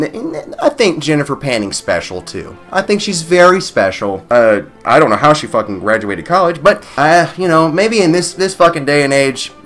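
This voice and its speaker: A man's voice: fairly high pitch, fairly bright tone. Sarcastic ranting male vlogger. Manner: crude, sarcastic, swears constantly. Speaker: vlog host. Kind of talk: profane rant commentary.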